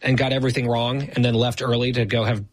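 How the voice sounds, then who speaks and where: Male co-host, husky tone, dry sarcastic banter, close and dead-sounding room. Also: mid-range voice, level tone, quick pace, no room sound. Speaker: podcast co-host. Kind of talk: casual banter.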